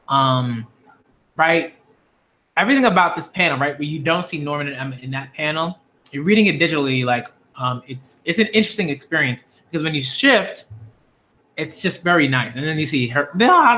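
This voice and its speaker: A man giving live reaction commentary as a manga critic, excitable and slangy, gushing over what he reads. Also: on the high side, moderate pace.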